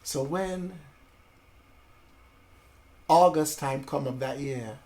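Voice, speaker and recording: Animated man telling his story. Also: fairly high pitch, drawn-out words. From Brooklyn, New York. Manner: animated storyteller, acts out voices of family and police; swears freely, street slang. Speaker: guest. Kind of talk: casual storytelling interview.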